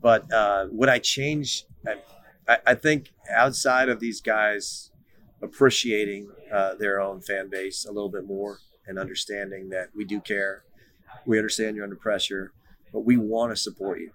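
Man, middle-aged, bright tone, lower pitch, animated storytelling, casual interview guest. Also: normal speed. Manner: animated, repeats words when starting sentences. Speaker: guest, former pro soccer player.

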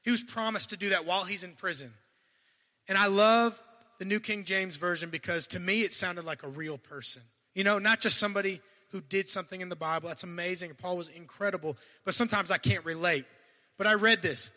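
Brief: male preacher, very bright and sharp tone, animated delivery with loud bursts and hushed asides, stumbles and restarts. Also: high voice, brisk, big-room sound. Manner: admits to stuttering and restarting. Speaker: guest preacher. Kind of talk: sermon.

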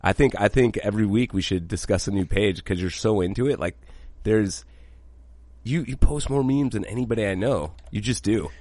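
A man co-hosting a podcast talks in an animated, casual way and swears freely. His voice sits a little low, and the recording is dry and close. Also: moderate pace, no room sound. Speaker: podcast co-host. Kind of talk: casual chat.

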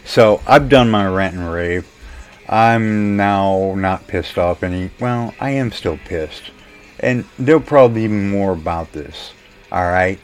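Rambling, profane man ranting. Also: on the low side. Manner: profane, loose and meandering, swings into sudden loud outbursts. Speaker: channel host. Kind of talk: rambling political rant.

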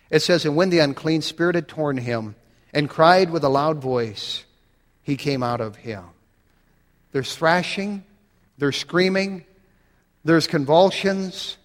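Pria pengkhotbah bersuara agak tinggi, bergema. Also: male voice, on the high side, a bit bright, long reverb tail. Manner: dramatic, swelling emphasis, reads scripture aloud. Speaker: preacher. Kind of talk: sermon.

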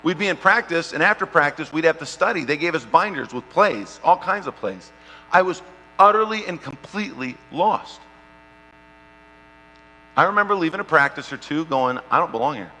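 Bright-voiced preacher in an echoing hall. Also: male voice, a little high, moderate pace, soft background music. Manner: animated storytelling, swings from loud to hushed. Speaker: pastor. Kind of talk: sermon with personal story. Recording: long hall reverb, faint mains hum.

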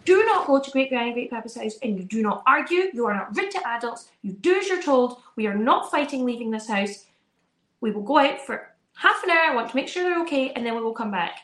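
A young woman, a podcast co-host, telling a story in animated, casual chat and acting out her children's voices. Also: a little high, brisk. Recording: roomy echo.

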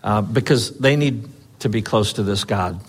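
A man's voice: on the low side, normal speed, breathy edge. A man preaching a conversational sermon as pastor, telling a personal story with earnest urging and frequent fillers.

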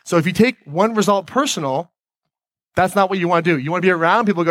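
Energetic man giving a motivational talk. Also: high voice, fast talker, no room sound. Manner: energetic, conversational, addresses the audience with questions. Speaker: podcast host giving a talk on stage. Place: stage before a live audience.

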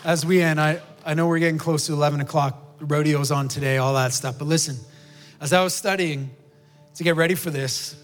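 A man's voice: fairly high pitch, fairly even intonation, fairly quick, long reverb tail, soft background music. A man preaching a sermon, earnestly urging the congregation and leading a prayer in a church. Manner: earnest, urging, repeats short pleas. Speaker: pastor. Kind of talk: sermon with altar call and prayer. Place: church sanctuary with balcony.

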